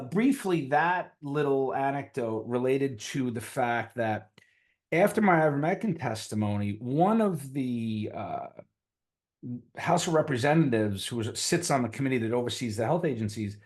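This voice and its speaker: A middle-aged man with a New York accent, a physician guest on a conversational interview, telling stories with lively pitch swings. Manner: animated storyteller, voices quotes with big pitch jumps.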